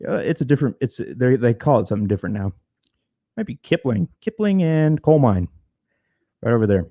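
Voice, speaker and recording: A man's voice: mid-range voice, big pitch swings, brisk, no room sound, highs cut off. Frank, cursing man telling a story. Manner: frank, profane, repeats words when starting. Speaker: podcast guest. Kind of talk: casual storytelling.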